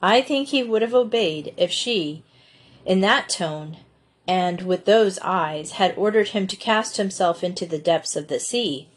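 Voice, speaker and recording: Husky-voiced woman reading a storybook. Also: animated, unhurried. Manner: gentle storytelling, voices the children's dialogue with lifted pitch. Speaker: audiobook reader. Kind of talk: scripted narration of a classic novel.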